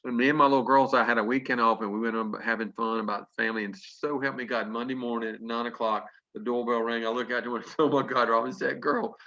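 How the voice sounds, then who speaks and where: A man telling a folksy story to an audience, lively and chuckling as he acts out what people said. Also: mid-range voice, fast talker, few pauses. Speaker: business testimonial speaker. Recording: dull lo-fi conference call audio.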